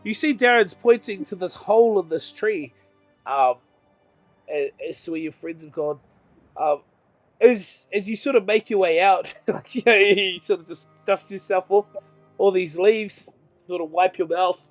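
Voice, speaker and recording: A high-voiced man narrates a tabletop game as game master, halting with fillers and breaking into laughs. His mic sounds dry and close, with faint music underneath. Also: dry recording. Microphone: own microphone.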